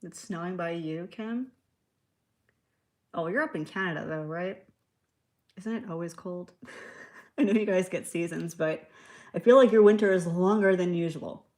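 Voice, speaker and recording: A woman's voice: lowish voice, unhurried, pauses often, darkish tone. A woman hosting a live nail art tutorial, chatting casually, answering viewer comments and laughing easily. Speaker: nail art livestream host.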